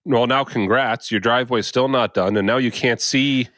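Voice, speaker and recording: Bright-voiced wry male co-host. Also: medium pitch, moderate pace, a little hiss or hum. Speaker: podcast co-host. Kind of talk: casual chat.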